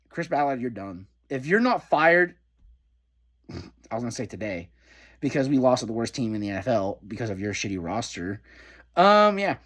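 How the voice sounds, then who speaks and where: Angry swearing man with a lively pitch. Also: normal speed. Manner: frustrated, swearing heavily. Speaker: sports fan vlogger. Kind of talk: angry fan rant.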